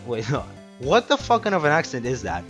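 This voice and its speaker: A man's voice: mid-range voice, wildly swooping pitch, fairly quick, fairly bright tone, faint music behind. A young man casually commenting on a game he plays, with wry jokes and swearing. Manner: wry, joking asides, swearing. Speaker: let's play commentator.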